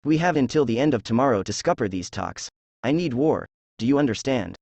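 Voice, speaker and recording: A greedy, blustering king, as a male reader voices him. He speaks with menace and a gravelly rasp. The read is dry and close to the mic. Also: medium pitch, animated, fairly quick, a little mellow, no room sound. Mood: scheming.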